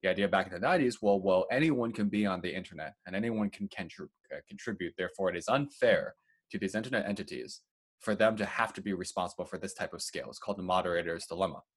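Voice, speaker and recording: A man's voice: low voice, fast. A man co-hosting a podcast, running through the news in a casual chat with fillers and asides. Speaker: podcast co-host.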